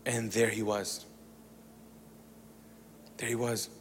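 A man telling a personal testimony to an audience, animated and comic as he acts out the dialogue. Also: on the low side, slow, big-room sound, slight background noise. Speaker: speaker sharing a testimony.

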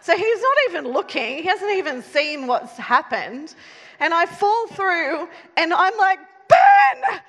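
A woman with a high voice tells a story to a live audience, lively and self-mocking, laughing at her own mishaps. Her voice carries a long reverb, as if spoken in a large hall. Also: measured pace. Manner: animated, self-mocking, laughs while telling. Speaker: speaker telling a story to an audience. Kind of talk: storytelling talk with a moral.

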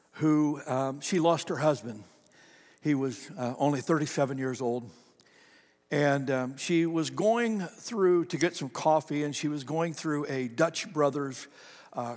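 High-voiced preaching man in a reverberant hall. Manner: animated preaching, swinging between loud emphasis and soft storytelling. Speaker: pastor. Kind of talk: sermon.

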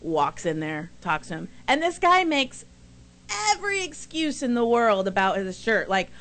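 A woman's voice: medium pitch, big pitch swings, normal speed, a bit bright. A woman co-hosting a casual chat show and telling stories in a chatty, emphatic way. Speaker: co-host.

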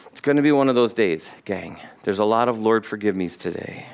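A pastor preaching a sermon, slowing down to stress key words and putting questions directly to his congregation. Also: fairly low pitch, expressive. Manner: emphatic, slows to stress key words, quotes scripture.

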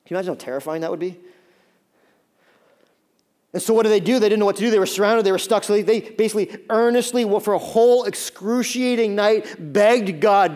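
A man in his thirties delivers a sermon in a high voice. He tells stories animatedly, jumping into little acted-out voices, with many fillers and restarts. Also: fairly quick, darkish tone. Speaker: pastor.

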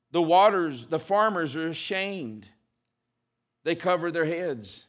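Slow-speaking preacher man. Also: a little high, expressive, fairly bright tone. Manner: emphatic, with slowed stressed words and restarts. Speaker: pastor. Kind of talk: sermon.

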